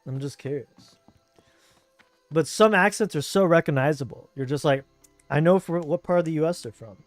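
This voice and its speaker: A man's voice: on the high side, moderate pace, no echo, faint music behind. Laid-back Southern Californian streamer guy. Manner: rambling, laid-back, full of fillers. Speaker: game streamer. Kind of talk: casual chat while gaming.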